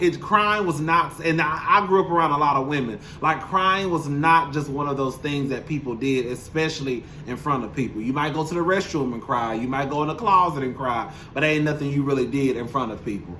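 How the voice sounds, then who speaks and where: A young man delivers a casual recap straight to camera, sassy, blunt and freely profane. His voice sits a little high and sounds bright and forceful, with a faint hiss of room noise underneath. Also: a little fast, few pauses, poor audio. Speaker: show recap commentator. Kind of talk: casual reality-TV recap monologue. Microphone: camera mic, speaking to camera.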